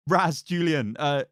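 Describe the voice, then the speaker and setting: A man's voice: fairly high pitch, a bit bright, no echo, studio quality. A man hosting a casual live co-stream, chatting and laughing often while reading out the chat.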